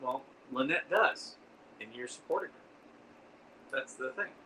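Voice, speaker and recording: A man's voice: medium pitch, expressive, unhurried, recorded from a distance. Livestream host, male, rambling chatty delivery, set back from the mic with faint noise behind him. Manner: rambling, reads and answers viewer comments. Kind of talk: casual livestream chat.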